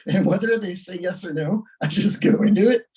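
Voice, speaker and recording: Telling prank-call stories on a casual talk show, this male co-host laughs as he acts out the phone calls. His voice is high and warm at a normal pace, but he sits far from the mic and the audio is poor.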